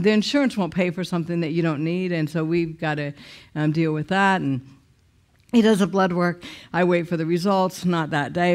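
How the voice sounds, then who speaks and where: In a fairly low voice, a woman shares a personal testimony, conversational and emotional, with many fillers and restarts. When she quotes her own angry words, her voice jumps up sharply.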